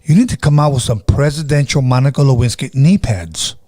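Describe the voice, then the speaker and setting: A man's voice: mid-range voice, fairly quick, mellow. A man in his fifties hosting a casual podcast, telling crude stories and acting out the people in them. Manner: crude storytelling, acts out the people he quotes. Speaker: podcast host. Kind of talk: casual chat.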